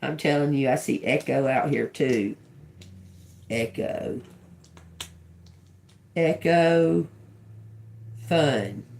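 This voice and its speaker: A woman doing an intuitive tarot reading. She repeats channeled words slowly and quietly, then turns chatty when she explains them to viewers. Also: extremely low pitch, creaky. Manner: slow, murmured repetition of channeled words. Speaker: tarot reader.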